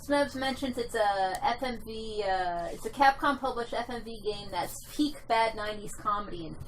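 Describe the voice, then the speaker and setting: A woman's voice: fairly high pitch, normal speed, background noise. A woman co-hosting a casual live game stream, giggling often and reading out viewer comments. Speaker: stream co-host reading chat.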